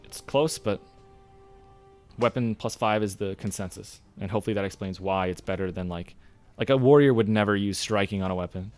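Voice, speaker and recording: A young man streaming a game, talking through his play with excitable, ranting frustration. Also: lowish voice, fairly quick, soft background music. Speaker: gaming streamer. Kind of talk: live gameplay commentary.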